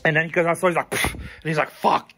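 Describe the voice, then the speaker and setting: A man who owns a thrift store chats to his viewers, tired but talkative. His voice sits a bit high and sounds bright. He rambles through frank, practical advice. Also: steady tone, fast, creaky, husky. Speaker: thrift store owner and vlogger. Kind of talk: casual talk to camera.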